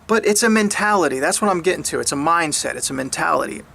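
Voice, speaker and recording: A man's voice: creaky, pushed and bright. A man in a casual monologue, laughing often and mimicking people in exaggerated voices. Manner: mocking others in higher, slower put-on voices; frequent laughter and repeated restarts. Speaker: speaker sharing his views.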